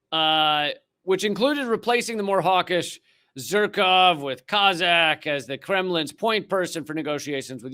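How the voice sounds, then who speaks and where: A man's voice: high voice, bright, forceful tone. A man hosting a political comedy commentary, reading a document aloud and breaking off with sardonic asides. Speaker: host.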